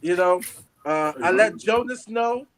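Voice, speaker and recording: A man chatting as an excited fan, rambling with many fillers. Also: high-pitched, a little slow.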